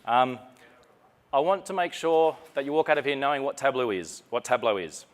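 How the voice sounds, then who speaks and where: A man's voice: medium pitch, lively intonation, moderate pace. A man from Australia with an Australian accent, giving a chatty, joking, self-deprecating live conference talk on stage. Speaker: conference presenter. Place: conference session room.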